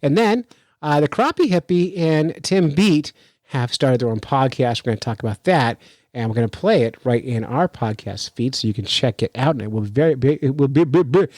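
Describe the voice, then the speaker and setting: A man hosting a fishing podcast, telling a story in an animated, chatty way and reading news out with his own remarks. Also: medium pitch, fairly quick, no echo, poor audio. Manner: animated, chatty, laughs while telling stories. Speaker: podcast host. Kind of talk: casual storytelling and news commentary.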